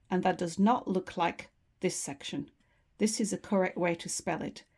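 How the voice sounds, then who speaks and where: A woman teaching a lesson, explaining slowly and patiently with simple examples. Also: on the low side, a little mellow.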